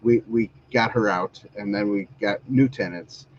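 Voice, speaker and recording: A man's voice: on the low side, moderate pace, a little hiss or hum. A man hosting a casual online talk show, telling a long, rambling story and laughing often. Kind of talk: casual chat. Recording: dull lo-fi stream audio.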